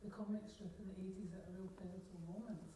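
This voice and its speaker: A woman's voice: medium pitch, fairly even intonation, fast talker, warm tone, a little hiss or hum. A woman in her fifties in a cinema audience, asking an earnest question with many hesitations. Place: cinema auditorium Q&A. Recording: distant, very echoey hall.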